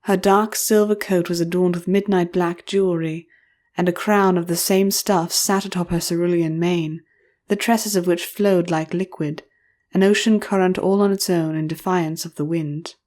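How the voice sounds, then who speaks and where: A woman reading a first-person fantasy audiobook in a measured, expressive storytelling voice. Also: fairly low pitch. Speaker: audiobook narrator.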